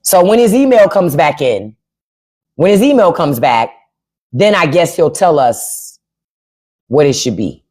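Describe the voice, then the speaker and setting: A woman's voice: deep voice, sing-song, measured pace, pauses often, a little mellow, slightly rough. A woman hosting a livestream, ranting with sarcastic, profane commentary. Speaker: livestream host. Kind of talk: casual livestream rant.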